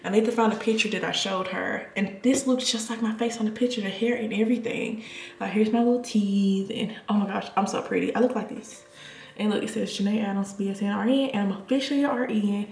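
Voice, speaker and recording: A chatty young woman in her twenties gives a casual home tour vlog, calling her viewers y'all. Her voice has a gravelly, fry-tinged edge. She is recorded in an echoey room with a faint hiss behind her. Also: medium pitch, fairly even intonation, a little fast, a little mellow. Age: 20s. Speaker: nurse vlogger. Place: her apartment, indoors.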